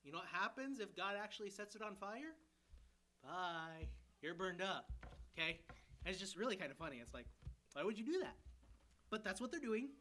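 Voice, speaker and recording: Lively, bright-voiced male preacher. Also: high-pitched, moderate pace, pauses often. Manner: animated storytelling, voicing characters with humor. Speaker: pastoral candidate. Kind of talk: expository sermon.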